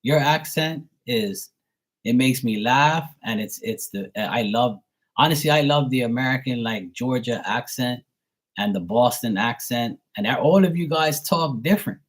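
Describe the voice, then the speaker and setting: A man's voice: medium pitch, a little slow. A young adult man with a Bermudian accent, chatting casually and rambling on a live stream, swearing now and then. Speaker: live tarot reader.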